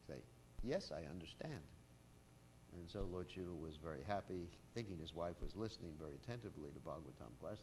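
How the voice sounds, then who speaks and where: A man giving a devotional scripture lecture in a relaxed storytelling manner, full of "uh" and "you know", speaking to a masked audience. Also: deep voice, a little hiss or hum. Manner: casual storytelling with frequent fillers. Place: temple hall with a masked audience.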